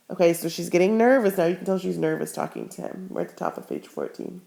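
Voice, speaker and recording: Gravelly-voiced woman teacher reading aloud. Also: fairly low pitch, warm tone. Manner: pauses to quiz students, then gives firm instructions. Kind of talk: reading a novel aloud to a class.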